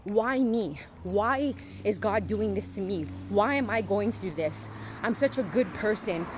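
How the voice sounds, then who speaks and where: A woman's voice: medium pitch, expressive, a little slow, noisy background. A woman giving a candid motivational monologue to camera, frank and emphatic, swearing freely and often asking "right?". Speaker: motivational vlogger.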